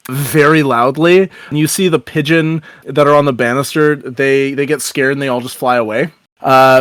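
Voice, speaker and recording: A man's voice: fairly high pitch, no room sound, clean studio sound. A man narrating and laughing easily as dungeon master of a tabletop game. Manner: relaxed, laughs often.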